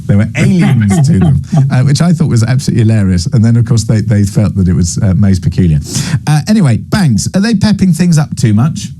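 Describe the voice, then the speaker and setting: A man's voice: medium pitch, big pitch swings, fairly quick, mellow, slightly rough. A man hosting a breakfast talk show in a chatty, bantering, digressive way. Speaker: radio and TV talk show host.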